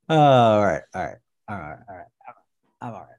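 A man co-hosting a podcast in casual, profane chat. His voice sits low but swings widely in pitch, and he talks to himself in excitable bursts while he searches. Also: takes it slowly, long pauses. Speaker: podcast co-host.

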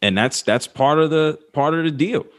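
A man's voice: a little high, normal speed. A middle-aged man, a sports radio host, speaking as a guest in a casual interview, blunt and emphatic, swearing freely.

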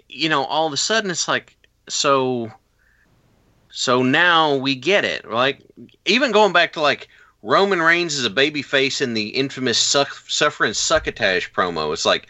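Animated, bright-voiced podcast host. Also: male voice, medium pitch, normal speed, no echo. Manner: animated storyteller, acts out quotes. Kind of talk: casual podcast chat.

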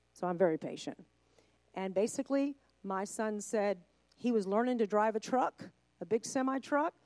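A woman's voice: a little high, darkish tone, dry recording. A middle-aged woman preaching a sermon, telling a family story with acted-out dialogue and rising to passionate emphasis.

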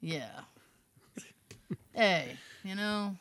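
A woman chatting casually on a talk show, acting out quotes with big jumps in pitch. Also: expressive, extremely slow, fairly bright tone. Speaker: co-host. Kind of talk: casual chat.

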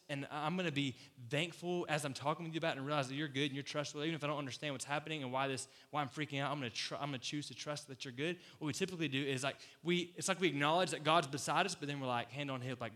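A man preaching a casual, conversational sermon as pastor, animated, acting out quoted voices and laughing often. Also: fairly high pitch, quick pace. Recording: long hall reverb.

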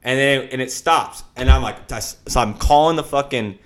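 A young man telling a story in a casual chat, swearing freely and acting out his panic with loud shouts. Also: medium pitch, moderate pace. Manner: profane, animated storyteller with shouted reenactments.

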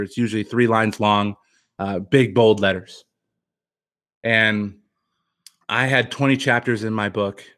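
A retired pitcher and author, he tells a personal story on a podcast in a sincere, reflective manner. Frequent sentence restarts mark his speech, and his tone is fairly bright.

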